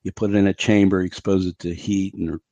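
A man's voice: low-pitched, flat delivery, fast, warm tone, no echo, highs cut off. A middle-aged man, a physician guest on a podcast, explaining his ideas in an emphatic, blunt, conversational way and acting out what others said. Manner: emphatic, blunt explainer who acts out quotes.

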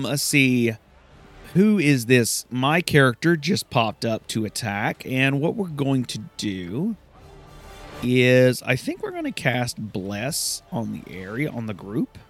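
Excitable male gamer, lively pitch. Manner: casual, excitable, swears. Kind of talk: let's play commentary.

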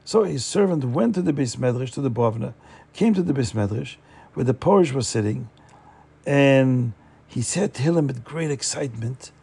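A man's voice: mid-range voice, animated, moderate pace, gravelly, darkish tone, breathy edge. A man telling a story aloud in a chatty, informal way, with frequent fillers and restarts. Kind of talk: casual oral storytelling.

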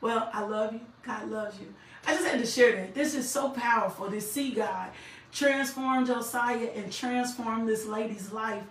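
A woman's voice: on the high side, a little slow. Woman minister, impassioned testimony and prayer, repeats lines for emphasis, heard at a distance in a reverberant room. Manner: fervent, repeats phrases for emphasis. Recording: echoey room, mic at a distance.

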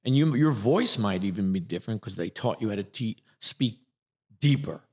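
A man who coaches actors, explaining his ideas in a lively, repetitive way during a conversational interview. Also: fairly low pitch, normal speed. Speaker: acting coach.

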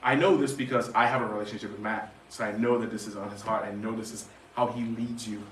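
A man preaching a sermon as a guest pastor, animated and joking, with sarcastic asides and quick questions to the congregation. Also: fairly low pitch. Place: church sanctuary. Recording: roomy church hall, mic at a distance, faint background noise.

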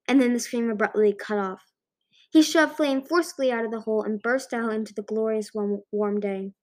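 A woman narrating a children's fantasy book as an amateur audiobook reader, with frequent slips and restarts. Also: fairly high pitch.

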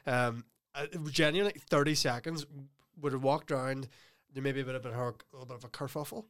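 A man's voice: medium pitch, quick pace, a bit bright. A young man, co-hosting a podcast in casual chat, telling a story with laughs and quoted lines. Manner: storytelling, laughing, quoting others. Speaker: podcast co-host.

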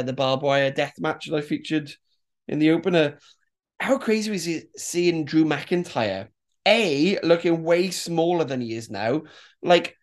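A man from Britain hosting a podcast in casual banter, giggly, chatty and self-mocking. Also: on the high side. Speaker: podcast host.

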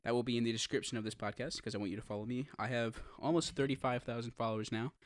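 A teenage guy from Texas trading jokes with a friend on a homemade podcast. His voice sits at an ordinary pitch for a young man and sounds close and dry, with no room around it. He talks loosely and teasingly and laughs easily. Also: steady tone, racing, no room sound. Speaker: podcast co-host. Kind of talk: casual chat.

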